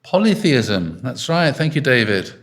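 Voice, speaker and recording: Amid crowd noise in an arts centre hall, a man with a medium-pitched, sing-song voice preaches an informal sermon at a measured pace. He chats with lots of fillers and stops often to quiz the congregation.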